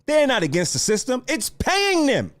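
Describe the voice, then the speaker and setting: High-pitched ranting podcast man. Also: wildly swooping pitch, moderate pace, a bit bright. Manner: heated, profane, lecturing the audience. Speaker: podcast host. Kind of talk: solo podcast rant.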